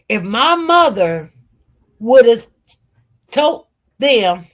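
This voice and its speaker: A woman with a Detroit accent telling her own story to viewers in an animated, emphatic way, often repeating her words. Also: high-pitched, slow, long pauses. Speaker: live-stream commentator.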